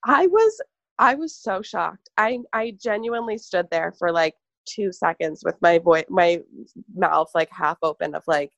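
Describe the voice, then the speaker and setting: A woman in casual conversation, telling an animated story full of fillers and laughs. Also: on the low side, measured pace, gravelly, no room sound, muffled recording. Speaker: podcast co-host, former barista. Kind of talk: casual chat.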